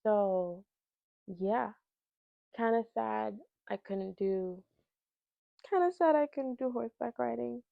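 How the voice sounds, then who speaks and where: A young woman telling a dating story in a casual vlog, sassy and animated as she acts out both sides of the conversation. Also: fairly high pitch, slow, gravelly, long pauses, no room sound, dull audio. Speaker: storytelling vlogger.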